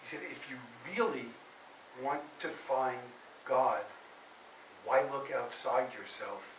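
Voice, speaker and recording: Male minister preaching in an echoey hall, mic set back, faint hiss, storyteller who swings from loud to soft. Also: medium pitch, slow pace. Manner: animated storyteller, rising loud for drama and dropping soft for quiet lines. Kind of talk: sermon storytelling. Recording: roomy echo, heard from a distance, faint hiss.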